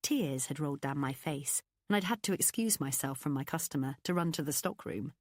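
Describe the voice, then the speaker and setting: A woman reading a first-person novel aloud as an audiobook narrator, in an expressive, confiding storytelling manner. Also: sits low, brisk, dry recording, studio quality.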